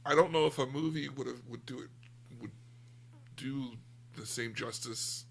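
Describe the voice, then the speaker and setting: A man's voice: medium pitch, normal speed, creaky, a little hiss or hum. An American man chatting candidly on a book podcast, rambling a little and restarting his sentences. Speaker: book club podcast co-host. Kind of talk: casual chat.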